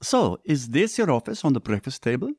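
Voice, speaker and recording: A man's voice: mid-range voice, very animated, a little fast, a little mellow, slightly rough, no room sound, studio quality, voice pushed up. A man voicing a playful, coy young woman who teases her family, in a story reading. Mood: teasing. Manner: coy and teasing. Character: playful, teasing young woman, the hero's sister.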